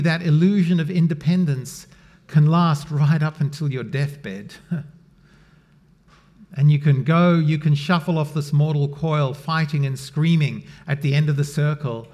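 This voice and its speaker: A middle-aged man preaching a sermon in a conversational way, swinging from loud emphasis to a near-whisper. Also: a little high. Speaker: pastor.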